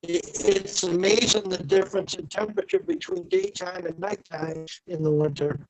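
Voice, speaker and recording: A man's voice: high voice, fairly even intonation, normal speed, a little mellow, low-quality recording. A man on a group voice call, talking in a plain, matter-of-fact way. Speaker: call guest. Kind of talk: casual group call chat. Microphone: online voice call.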